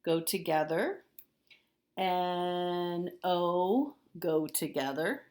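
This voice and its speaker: Middle-aged woman, primary teacher, unhurried and deliberate delivery, lower register. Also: darkish tone. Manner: slow, deliberate, sounds out letters and syllables. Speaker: third grade teacher. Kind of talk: recorded spelling lesson for children.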